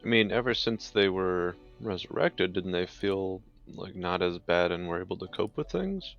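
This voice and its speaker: A man playing at a tabletop game, his voice on the low side. He muses casually and laughs as he goes. Soft music plays behind. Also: animated, moderate pace, lo-fi sound. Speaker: player.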